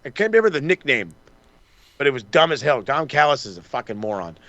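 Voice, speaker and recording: A man's voice: mid-range voice, very animated, fast, pushed and bright, no room sound, highs cut off. A man co-hosting a wrestling podcast, rambling through a casual recap, swearing freely and acting out the wrestlers' lines. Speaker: podcast co-host.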